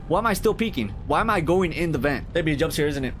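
A young man streaming a horror game, reacting with crude, excitable commentary and reading on-screen text aloud. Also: on the high side, a little fast, a little hiss or hum. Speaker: gaming streamer.

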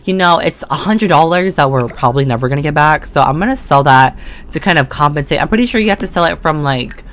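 Chatty low-voiced woman playing a life-sim game. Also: fast. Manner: chatty and slangy, talks to the game characters, sudden excited or mock-scared outbursts. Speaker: gaming video creator. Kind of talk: casual let's-play commentary. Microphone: desk condenser mic.

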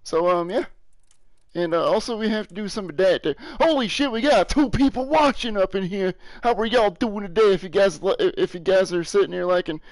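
A man's voice: high voice, moderate pace, no room sound, poor audio. A young man streaming a video game, rambling casually, joking and swearing freely. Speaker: gaming streamer. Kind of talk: casual live-stream commentary.

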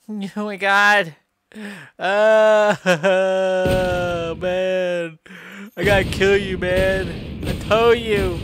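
A woman's voice: medium pitch, steady tone, slow, fairly bright tone. A woman giving comedic improvised gameplay commentary, playing exasperated and tacking "man" and "bro" onto her lines.

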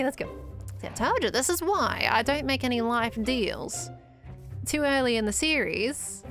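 Bubbly woman chatting over a game. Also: a little high. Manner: bubbly, coos baby talk at animals. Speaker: gameplay host. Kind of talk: casual gameplay commentary. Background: background music.

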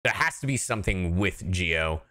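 Animated male streamer, bright lively voice. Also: low-pitched, moderate pace. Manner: animated, chatty, talks to chat and laughs often. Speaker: voice actor streaming a reaction. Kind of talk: casual livestream chat.

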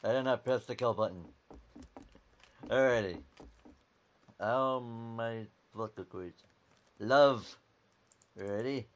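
Playing a computer game at his desk mic, this gameplay video maker gives casual, dry remarks and reads out the on-screen text. He speaks slowly in a medium-pitched voice, pausing often and repeating "alrighty" in an offhand way.

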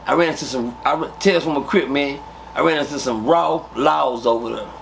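A man with a Texas accent telling profane, animated prison stories in a casual interview, acting out scenes with sound effects. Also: medium pitch, brisk, gravelly, a little hiss or hum.

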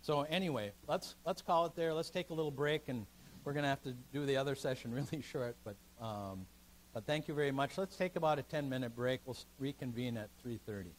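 A man's voice: mid-range voice, fairly quick, a little hiss or hum, low-quality recording. A man, a pastor, leading a seminar in a church meeting room, teaching emphatically and taking questions. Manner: emphatic, animated teaching that takes listeners' questions.

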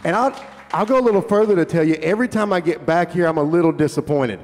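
Between songs at a concert, a male singer-songwriter with a fairly high pitch talks fast, trading casual jokes with the audience and swearing freely while a crowd murmurs faintly. Hall reverb colors the recording, and a guitar can just be heard.

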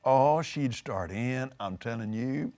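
An older man, teaching on a talk show, emphatic and animated, repeating words for force. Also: medium pitch, slow. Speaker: preacher. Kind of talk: conversational teaching.

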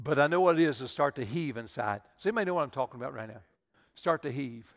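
A man's voice: mid-range voice, lively intonation, quick pace. Man, older, pastor preaching, stammering repeats, long church reverb, dull lo-fi audio. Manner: preaching with Southern-style repetition and stammered restarts. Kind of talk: sermon. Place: church sanctuary.

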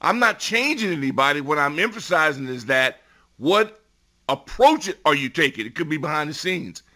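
Middle-aged guy on sports radio, super emphatic, bright punchy voice, gets loud on his points. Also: a little high, very animated, moderate pace. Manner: emphatic, builds to loud bursts. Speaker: guest football analyst.

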